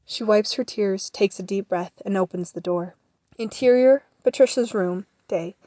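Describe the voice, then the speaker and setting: A woman reads the scene headings and actions of an audio drama in a measured, matter-of-fact voice. Her pitch is medium and the sound is dry and close. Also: mellow, no room sound. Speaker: narrator.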